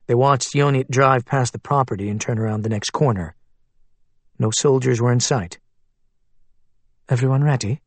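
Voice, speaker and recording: A man narrating a thriller audiobook in a steady, even storytelling manner. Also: medium pitch, moderate pace, no room sound.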